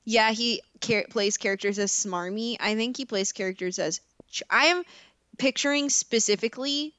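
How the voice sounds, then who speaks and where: A woman co-hosting a podcast, chatting in a rambling, expressive way. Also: mid-range voice, moderate pace, clean tone, dry recording. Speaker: podcast co-host. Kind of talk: casual podcast chat.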